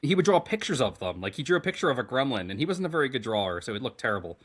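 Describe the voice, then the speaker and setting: A man co-hosting a podcast in casual chat, animated and rambling, swearing freely. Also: mid-range voice, racing. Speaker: podcast co-host.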